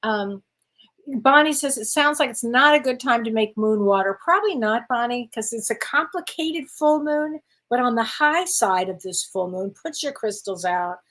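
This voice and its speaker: A woman's voice: a little high, expressive, moderate pace, a bit bright, low-quality recording. An older woman, a spiritual medium, chatting casually as she reads viewer questions aloud and answers them, laughing often. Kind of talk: live Q&A, reading viewer comments.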